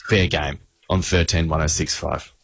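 A young adult man, co-hosting a radio show and telling a story in a casual, animated way, arguing his side firmly. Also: extremely low pitch, moderate pace, vocal fry, no echo. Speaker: radio co-host. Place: radio studio. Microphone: studio microphone.

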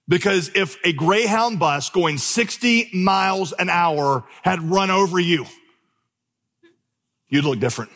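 A man's voice: high-pitched, unhurried, a bit bright. A man preaching a sermon to a congregation from a church stage, telling stories with humorous asides and repeating key words for emphasis. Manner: storytelling with vivid, humorous asides; emphatic repetition. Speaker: pastor. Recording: long reverb in a big hall.

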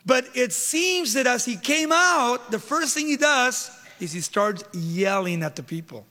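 A man's voice: very high voice, very animated, unhurried, hardly any pauses, bright, forceful tone. A male pastor preaching a sermon, emphatic, with rhetorical questions and dramatic retelling, in a church hall.

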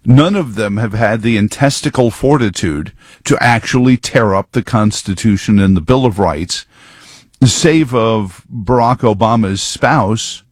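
A man's voice: fairly low pitch, no echo. A man giving rambling, sarcastic political commentary full of wordplay.

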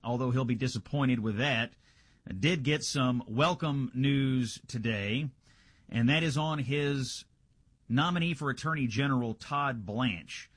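A man's voice: mid-range voice, a bit bright, breathy edge, no echo. A male radio host giving a conversational political news rundown, checking the Senate floor live, with frequent filler "uh"s.

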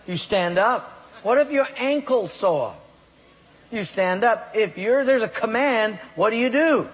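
A man's voice: high-pitched, animated, unhurried, breathy edge. A man preaching a sermon to his congregation, emphatic, repeating key phrases and asking the room questions. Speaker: pastor. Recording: long reverb of a large hall.

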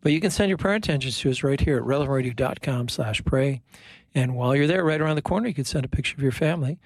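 A man, a priest, hosting a radio prayer show and leading prayers in a calm, unhurried way. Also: mid-range voice.

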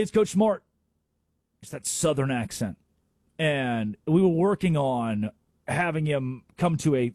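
A male sports radio host who is opinionated and theatrical. He makes his case with rhetorical questions. His slightly high, husky voice swings widely in pitch, and he sits close to a studio mic in a dry booth. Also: dark tone, no echo. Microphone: studio microphone.

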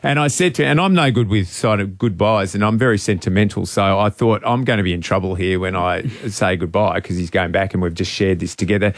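A man hosting a radio show, telling a sentimental personal story in a rambling, halting way. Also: sits low, dry recording. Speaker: radio host. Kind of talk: casual storytelling on air.

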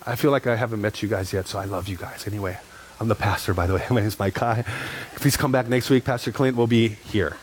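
A man's voice: lowish voice, quick pace, a little hiss or hum. A middle-aged man preaching a sermon as pastor, telling stories animatedly and repeating phrases for emphasis.

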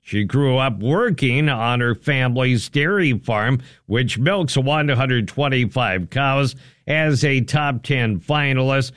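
A man's voice: medium pitch, no echo, clean studio sound. Man reading local radio news. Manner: steady, even news-reading delivery. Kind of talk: local radio newscast and morning banter. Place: radio studio. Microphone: close studio mic.

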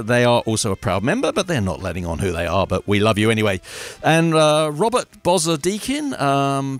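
A man at a radio mic reads out thanks and shout-outs in a loose, chatty manner. He talks at a mid pitch that swings up and down in a sing-song way. He often stops to correct himself. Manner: chatty and rambling, self-correcting, lively sing-song delivery. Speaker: community radio host.

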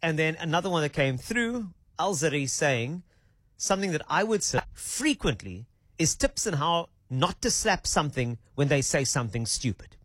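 A man's voice: on the high side, big pitch swings, normal speed, a bit bright, no room sound. A South African man hosting a radio talk show, chatty and playful in a studio. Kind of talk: casual radio chat.

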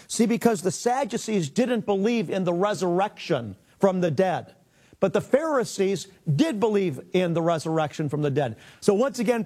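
A man's voice: high voice, darkish tone. A man teaching a sermon, reading scripture aloud and explaining it with earnest emphasis. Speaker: rabbi and Bible teacher.

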